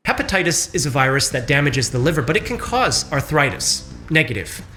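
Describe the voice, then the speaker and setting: A man reading scripted documentary narration about a medical case, measured and dramatic. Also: a little high, big pitch swings, bright, forceful tone, a little hiss or hum. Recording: narration played from a video, with background music.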